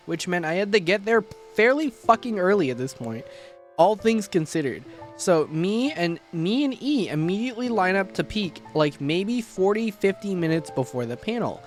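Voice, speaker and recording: Young male streamer, high and very lively voice, casual and profane, laughs a lot. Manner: animated, laughing, swearing often.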